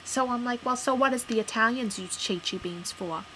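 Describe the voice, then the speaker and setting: A woman's voice: a little high, fairly quick, bright, forceful tone, slight background noise, rough recording. A woman playing a touchy, rambling mother who is proud of her Italian heritage, with lots of fillers and defensive outbursts in a comic character monologue. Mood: indignant. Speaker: character vlogger.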